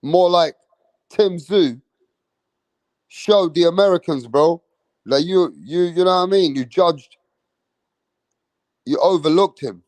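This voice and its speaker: A man's voice: fairly high pitch, slow, pauses often, a little mellow, dry recording. Brash, boastful man hosting a boxing live stream. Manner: boastful, brash and profane, addressing the chat. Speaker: boxing channel host.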